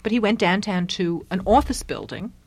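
A woman's voice: mid-range voice, big pitch swings, moderate pace, gravelly, no echo. A woman author being interviewed, telling wry anecdotes. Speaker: author guest. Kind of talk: radio interview.

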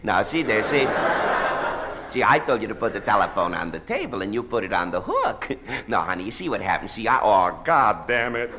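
A man's voice: lowish voice, sing-song, normal speed, sharp tone. A man doing a comic one-sided phone call, wry and teasing, with a mock-threatening edge. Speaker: comedian. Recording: hissy old record.

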